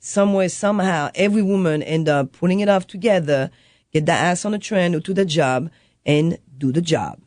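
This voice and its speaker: A woman's voice: on the low side, fairly quick, darkish tone, no room sound, studio quality. A woman, a coffee shop owner who speaks as a guest in a casual interview chat and acts out customers and her son as she tells stories. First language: French.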